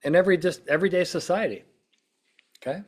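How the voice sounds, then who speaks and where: Here a man speaks fast in a high voice, hosting a podcast as a witness-prep consultant. His explanations are relaxed and chatty, sprinkled with "right?" and "okay?" to check on the listener, and he performs quoted lines in short snippets.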